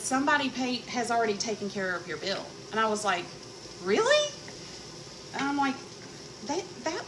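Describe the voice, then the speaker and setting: A woman, chatting casually with viewers while she cooks, telling stories and greeting people by name. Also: medium pitch. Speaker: cooking vlogger. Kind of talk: casual live-stream chat while cooking. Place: home kitchen. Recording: noisy background.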